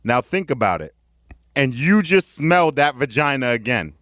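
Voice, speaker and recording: A man's voice: medium pitch, sing-song, normal speed, no echo, studio quality. A man co-hosting a podcast, bantering crudely and ranting in a brash, teasing way. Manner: brash, teasing, loud rants. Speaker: podcast co-host.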